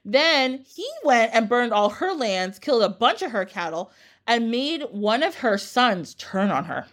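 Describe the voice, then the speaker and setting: Animated, laughing woman podcast host. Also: on the high side, a little slow. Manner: animated, laughing, swears casually. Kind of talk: casual storytelling.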